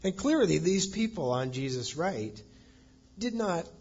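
Brief: male pastor, slow deliberate sermon delivery, husky tone, emphatic on key words, dull muffled recording. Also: high-pitched, very animated, darkish tone. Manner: emphatic, reads scripture aloud.

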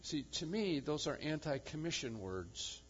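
Slow, emphatic preaching man. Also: fairly high pitch, sing-song, lo-fi sound, a little hiss or hum. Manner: emphatic, swings from loud proclamation to quiet intensity. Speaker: pastor. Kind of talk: sermon.

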